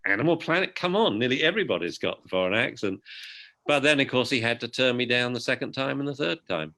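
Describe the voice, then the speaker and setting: A man with a British accent, a dog behaviour expert giving an outspoken, lively interview. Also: mid-range voice, quick pace. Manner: outspoken, animated storyteller. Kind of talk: conversational interview.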